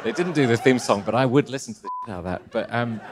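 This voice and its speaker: A man's voice: medium pitch, fast talker, background noise. Polite amused man playing along. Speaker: guest. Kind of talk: casual comedic interview.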